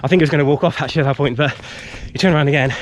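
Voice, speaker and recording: The recording is very noisy as a man with a fairly high voice races through his words. He's vlogging in a wood, slightly tired from running, giving a rambling, animated retelling packed with fillers.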